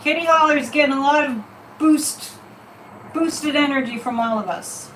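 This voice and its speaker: Speaking at a normal pace in a high-pitched voice, she leads a psychic reading on livestream, casual and emphatic, circling back to the same phrases again and again. The sound is distant and echoey, picking up faint background noise, as she is away from the mic.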